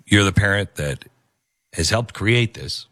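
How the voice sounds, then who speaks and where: A man's voice: fairly low pitch, expressive, unhurried, fairly bright tone, no echo, studio quality. A man hosting a commentary show, moralizing emphatically and repeating his points for effect. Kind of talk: opinionated commentary on a video.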